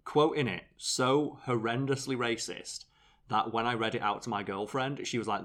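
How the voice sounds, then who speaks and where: A man co-hosting a podcast in casual chat, talking in an animated, sarcastic way with plenty of fillers. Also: mid-range voice, normal speed. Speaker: podcast co-host.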